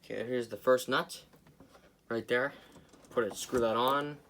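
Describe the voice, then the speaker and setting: A man chatting his way through a hobby repair, rambling and cracking jokes at his viewers while he works. He sits at an ordinary middle pitch, and now and then he breaks into sudden loud outbursts. The take is a noisy home recording, caught on a camera mic with him often standing away from it. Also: steady tone, a little slow. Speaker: hobbyist video host repairing a clock. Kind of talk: casual narrated repair video. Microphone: camera mic, speaker often away from camera.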